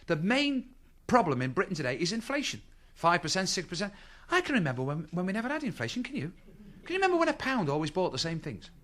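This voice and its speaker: Stand-up comic, middle-aged man, high and bouncy voice, rattles along quickly. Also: a bit bright. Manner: chatty, quips to the audience with rhetorical questions. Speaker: stand-up comedian. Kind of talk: stand-up routine. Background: audience laughter.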